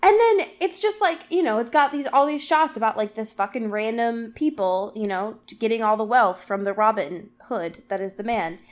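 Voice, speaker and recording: A woman co-hosting a podcast in casual chat, cracking quick jokes, ranting in mock quotes and swearing freely. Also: a little high. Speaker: podcast co-host.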